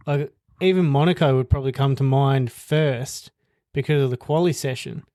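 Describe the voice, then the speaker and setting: A man co-hosting a podcast in casual chat, relaxed and a little hesitant, laughing easily. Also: fairly high pitch, moderate pace, no echo, clean studio sound. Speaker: podcast co-host.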